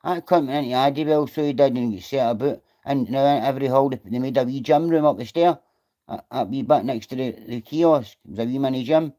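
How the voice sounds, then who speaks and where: A man's voice: medium pitch, fast talker, mellow. A middle-aged man with a Scottish accent chatting bluntly and swearing freely as he answers viewers on his livestream. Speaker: livestreamer reading chat. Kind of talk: casual livestream chat.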